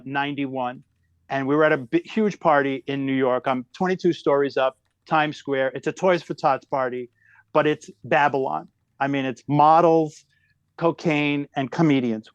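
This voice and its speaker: A comedian in his fifties telling a story in a lively, exaggerated way as a podcast guest. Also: medium pitch, clear, resonant tone, no echo, lo-fi sound. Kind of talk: animated storytelling.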